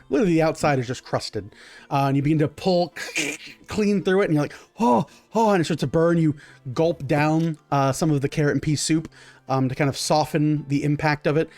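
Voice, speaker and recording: A man's voice: fairly high pitch, a little mellow, no room sound. Rambling male game master narrating. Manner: rambling, filler-heavy description.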